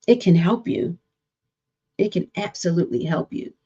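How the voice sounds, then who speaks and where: A woman's voice: fairly low pitch, very animated, normal speed, warm tone, breathy edge, dull audio. A woman therapist hosting a live-streamed relationship talk, speaking earnestly and repeating points with preacher-like emphasis. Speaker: therapist and show host.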